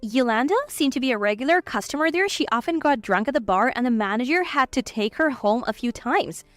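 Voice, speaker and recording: Lively high-voiced woman narrator. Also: fairly quick, dry recording. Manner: lively, cold when retorting. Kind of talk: scripted first-person story narration.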